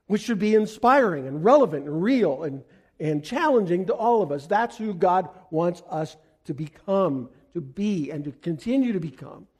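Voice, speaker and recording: A man preaching a sermon as pastor to his congregation, earnest, rising to loud emphatic peaks. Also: high voice, slightly rough.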